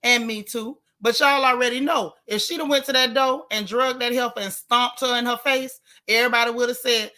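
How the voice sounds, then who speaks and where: A woman's voice: a little high, a little fast, hardly any pauses. A woman hosting a casual live stream, reading viewer comments and speaking out in an emphatic, outspoken way. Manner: animated, outspoken, emphatic repetition.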